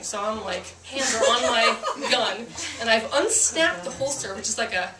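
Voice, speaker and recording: A woman's voice: a little high, normal speed, few pauses, reverberant, distant mic, a loud crowd. A woman who is a police officer telling a story to a live audience, chatty and self-mocking with lots of fillers.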